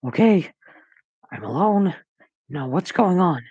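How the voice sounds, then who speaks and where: A man voicing an anxious, pleading teenage boy who keeps breaking toward tears, in a strained high voice. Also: expressive, slow pace, a little mellow, husky, no echo, highs cut off, exaggerated voice.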